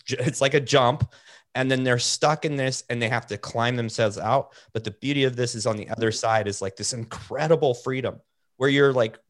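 A man's voice: mid-range voice, normal speed. A man hosting a casual chat, talking reflectively and building out long metaphors. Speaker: host.

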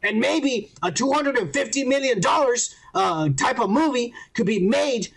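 A man's voice: very high voice, animated, normal speed, creaky, breathy edge, rough recording. A man co-hosting a podcast, ranting with a lot of profanity in casual pop culture chat. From Mexican heritage. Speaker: podcast co-host.

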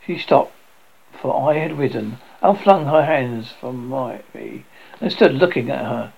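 A man with a husky, gravelly, mid-range voice gives a theatrical reading of a classic horror story, occasionally stumbling and starting over. His intonation is lively and his pace unhurried, though the audio sounds dull.

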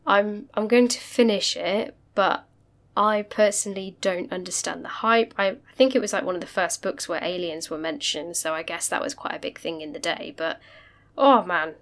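A young woman co-hosting a book podcast, chatting casually and telling animated stories with frequent laughs. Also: lowish voice, moderate pace. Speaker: podcast co-host. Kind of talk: casual chat.

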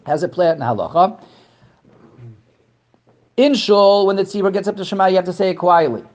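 Man, Torah class teacher, fairly high voice, repeats himself, jumps up in pitch for emphasis. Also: expressive. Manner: halting, repeats words, rises in pitch to stress points.

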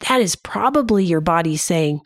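A woman leading a gentle mindfulness lesson for children, asking soothing questions in a sing-song way. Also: fairly low pitch, animated, moderate pace, a little hiss or hum. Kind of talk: guided mindfulness lesson for kids.

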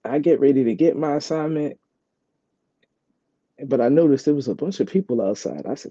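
A man's voice: medium pitch, animated, normal speed, long pauses, mellow, slightly rough, dry recording. A man telling a rambling, casual story about his day as a vlogger, repeating himself and leaning on "like". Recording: dull, dry lo-fi sound.

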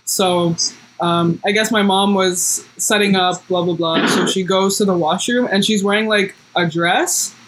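A woman's voice: fairly even intonation, measured pace, a bit bright, low-quality recording. Woman, podcast co-host, casual chat, frequent laughter, faint background hiss. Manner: laughs often, jumps high when quoting.

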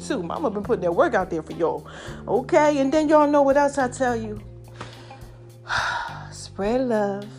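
Animated raspy woman podcast host. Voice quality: raspy, deeper than usual. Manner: preachy, animated, calls listeners "baby" and "y'all". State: slightly hoarse. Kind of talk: casual motivational podcast monologue.

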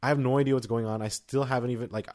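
A man's voice: mid-range voice, fairly even intonation, rapid-fire, darkish tone. Male podcast co-host, casual rambling chat, plenty of restarts. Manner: rambling, chatty, full of "like" and restarts.

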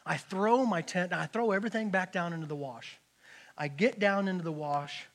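A middle-aged man giving a personal testimony in church, telling his story in an animated way and often repeating words. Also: sits high, moderate pace.

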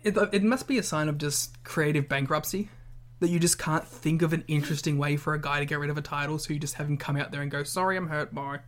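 A man's voice: a little high, steady tone, quick pace. Man, podcast co-host, casual chat, blunt, profane, acts out scenarios.

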